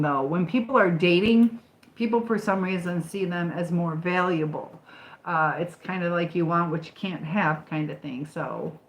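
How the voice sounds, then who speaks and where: A rough recording captures an older Michigan woman's low-leaning, fairly bright voice as she hosts a laid-back livestream. She chats, answers viewer comments, and fills gaps with lots of ums.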